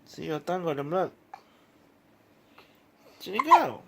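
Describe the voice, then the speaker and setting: A woman's voice: on the low side, moderate pace, pauses often, slight background noise. A woman filming her baby on a handheld phone at home, cooing soothing, repetitive baby talk.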